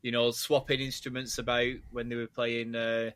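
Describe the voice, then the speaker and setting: A man's voice: mid-range voice, little pitch movement, moderate pace, a bit bright, clear, resonant tone, no echo. A man hosting a podcast, chatty and teasing, rambling in casual conversation. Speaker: podcast host. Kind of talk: casual chat.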